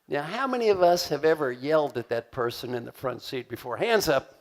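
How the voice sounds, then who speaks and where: An older man from the United States giving a motivational keynote to a conference audience, animated and acting out voices as he asks the crowd questions. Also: on the high side, normal speed. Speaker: keynote speaker. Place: large conference hall.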